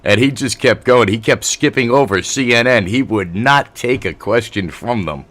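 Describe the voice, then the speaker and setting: A man hosting a casual chat, relaxed and laid-back, introducing clips. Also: medium pitch, normal speed.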